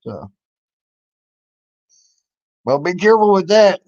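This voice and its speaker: A man's voice: high-pitched, big pitch swings, slow, darkish tone, no echo. A man on YouTube ranting at other people, confrontational and mocking, swearing freely. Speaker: YouTube commentator. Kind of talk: angry profane rant. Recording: dull lo-fi recording.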